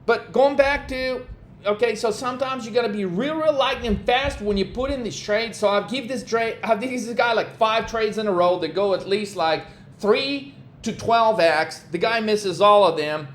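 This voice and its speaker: A man's voice: sits high, normal speed, a little hiss or hum. A man talking as a trading coach in a vlog, ranting bluntly with constant swearing and exasperation.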